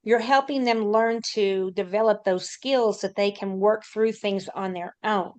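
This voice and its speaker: A woman's voice: mid-range voice, steady tone, a little slow, darkish tone. A woman who works as a school counselor, telling a matter-of-fact anecdote in a panel talk.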